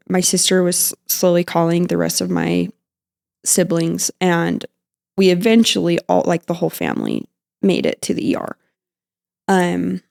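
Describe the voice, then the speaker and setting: This is a young woman telling a personal story of loss as a podcast guest. Her voice sits low with a gravelly fry, and she talks haltingly, restarting her sentences. She sounds emotional and close to tears at times. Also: darkish tone. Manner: halting, with frequent fillers and restarts.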